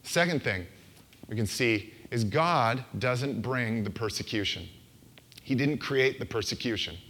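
A man's voice: medium pitch, expressive, measured pace, a bit bright. A male pastor gives a sermon into a handheld microphone. His delivery is casual and talky, and he slips into quoted voices to make his points. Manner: conversational and playful, acts out quoted voices.

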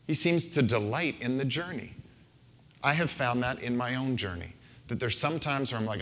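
A man's voice: mid-range voice, animated, normal speed, vocal fry, a bit bright, a little hiss or hum. Playful, conversational male preacher. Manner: conversational and playful, acts out quoted voices. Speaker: pastor. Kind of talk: sermon. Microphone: handheld microphone.

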